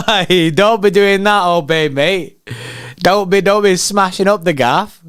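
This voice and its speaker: A man hosting a live match watchalong, excitable and slangy as he chats with viewers. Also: high-pitched, slow, smooth, no echo, clean studio sound. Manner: excitable, slangy, banter with chat. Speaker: fan channel host.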